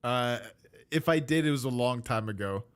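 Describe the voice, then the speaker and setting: A man's voice: mid-range voice, moderate pace, clean tone. A young man co-hosting a casual live stream, talking frankly and emphatically and laughing easily. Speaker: co-host.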